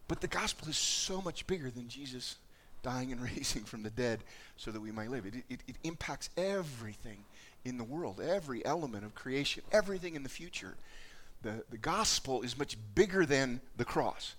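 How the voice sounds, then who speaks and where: A man preaching a sermon as pastor, talking earnestly and haltingly, often restarting and repeating words as he goes. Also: mid-range voice, animated, a bit bright. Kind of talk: sermon with spoken prayer.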